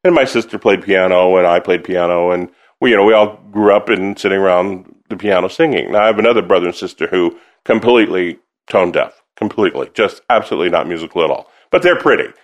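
A man who sings, telling stories about his musical upbringing in a casual interview, animated and quick to laugh, acting out the voices he quotes. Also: low-pitched. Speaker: singer and musician, interview guest.

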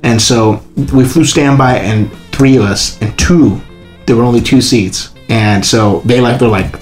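A man telling a long personal story in casual chat, acting out the people he quotes by jumping to a much higher voice. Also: normal speed, faint music behind. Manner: animated, acts out quoted voices in a high pitch. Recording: echoey room with faint ambience.

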